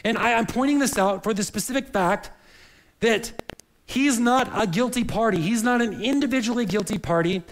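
A man's voice: very high voice, moderate pace, poor audio. A man preaching a sermon in an earnest, searching way, often repeating words as he reaches for the next phrase. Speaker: pastor.

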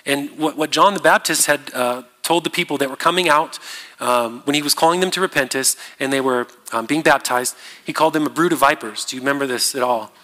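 A man preaching a sermon as a pastor, in a conversational, halting way with many fillers and restarts. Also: mid-range voice, sharp tone. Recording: long reverb of a large hall.

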